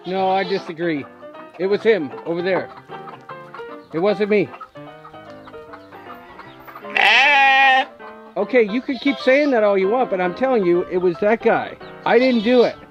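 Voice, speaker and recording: A man playing a goofy male roving reporter who questions farm animals in a mock-serious, deadpan way. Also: high-pitched, dull audio. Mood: bantering. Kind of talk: comedic sketch narration.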